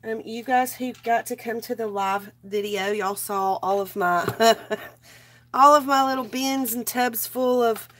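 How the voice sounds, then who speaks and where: A woman's voice: fairly high pitch, measured pace, fairly bright tone. A woman, sick and straining her voice, rambling casually to viewers while crafting on a livestream. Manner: rambling, greets viewers by name.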